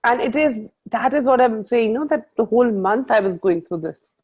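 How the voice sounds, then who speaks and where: A woman's voice: on the high side, a little fast, breathy edge. A woman leading a group coaching call, telling stories animatedly and quoting her own thoughts. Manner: animated storytelling with quoted self-talk. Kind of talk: casual group coaching talk. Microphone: video call. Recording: muffled video-call audio.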